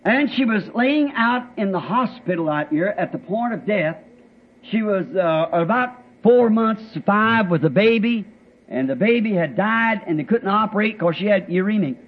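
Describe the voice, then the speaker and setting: This preacher's testimony wanders along in a homespun style with simple country grammar. His high-pitched voice is animated and slightly rough, moving at normal speed, and the old recording sounds muffled and lo-fi.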